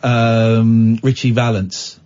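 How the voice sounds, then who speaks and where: A man's voice: medium pitch, level tone, takes it slowly, darkish tone. A man hosting a late-night radio phone-in, playful and teasing, with mock outrage. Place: radio studio. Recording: muffled radio broadcast.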